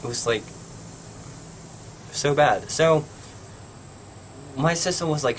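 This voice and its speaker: A man's voice: a little high, slow, long pauses, a little hiss or hum. A young man from Pennsylvania telling a rambling story for his vlog, filling it with "like". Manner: rambling, heavy use of "like". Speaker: vlogger.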